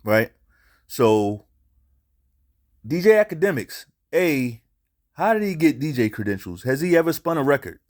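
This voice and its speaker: A man's voice: medium pitch, sing-song, measured pace, long pauses. Blunt, profane male commentary host. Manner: blunt, profane, emphatic, repeats himself. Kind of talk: casual commentary.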